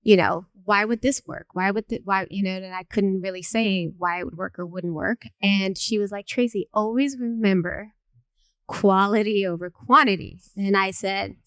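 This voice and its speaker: Chatty lady moderating a panel, lots of ums, clear tone. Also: medium pitch, normal speed, hardly any pauses, no room sound. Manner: chatty, lively, with many fillers. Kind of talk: panel storytelling.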